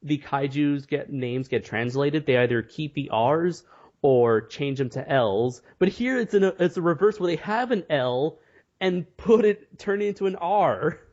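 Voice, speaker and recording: Jokey guy, bit high voice, giggles a lot, lo-fi podcast audio. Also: animated, a little slow, darkish tone. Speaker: podcast co-host. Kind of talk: casual chat. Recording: dull lo-fi audio.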